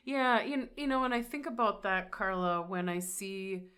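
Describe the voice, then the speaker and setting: A woman host with a Minnesota accent in casual conversation, talking in an animated way. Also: medium pitch, moderate pace, clean tone. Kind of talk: casual chat.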